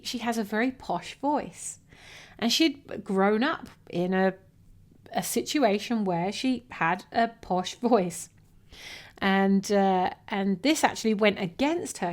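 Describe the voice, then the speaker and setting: Chatty woman telling a story. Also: medium pitch. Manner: lively storyteller with frequent restarts. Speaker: podcast host and business coach. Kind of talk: solo podcast talk, storytelling.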